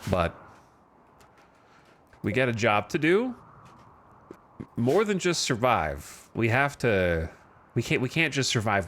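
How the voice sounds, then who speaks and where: A man's voice: mid-range voice, fairly bright tone, a little hiss or hum. A man giving casual, wry, self-deprecating commentary while streaming a game.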